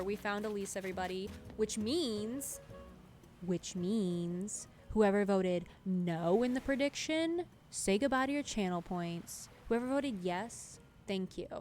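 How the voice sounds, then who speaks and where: A woman streams a video game over game music, chatting casually with her viewers in a playful, teasing way. Her voice is medium-pitched and a little mellow.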